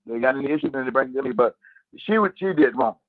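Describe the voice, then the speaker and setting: A man's voice: mid-range voice, animated, quick pace, no echo. Brief: male phone caller, emphatic and opinionated, tinny phone line. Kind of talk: casual call-in radio chat.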